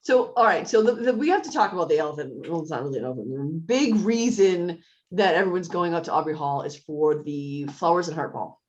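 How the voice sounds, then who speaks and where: A woman co-hosting a casual chat about a TV show, telling the story with lots of laughs and jumping high when she quotes characters. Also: expressive, fast talker, a little mellow, highs cut off. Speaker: podcast co-host.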